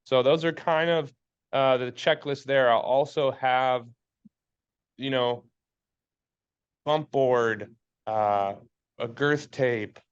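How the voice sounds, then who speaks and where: A man's voice: mid-range voice, slow pace, pauses often, clear, resonant tone, lo-fi sound. Fired-up, swearing fly-fishing podcast man. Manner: blunt and fired up, swears freely, preachy. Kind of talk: casual chat.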